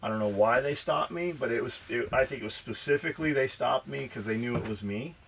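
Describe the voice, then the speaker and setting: A man's voice: mid-range voice, a little fast, gravelly, slight background noise. A man from Southern California, a podcast co-host, telling a profane, rambling story and acting out the dialogue. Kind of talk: casual storytelling.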